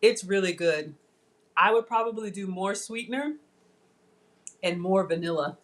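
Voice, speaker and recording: A cooking vlogger chats casually with viewers while tasting food on a live cooking stream, calling them "y'all" and savoring each bite. Her medium-pitched voice has lively intonation and a measured pace.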